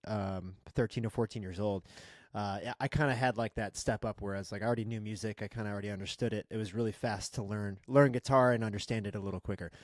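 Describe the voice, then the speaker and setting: A man's voice: fairly low pitch, no echo, studio quality. Candid, joking man guesting on a podcast. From Boston, United States. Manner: candid and joking, swears freely. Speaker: podcast guest, videographer and producer. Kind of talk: casual podcast interview.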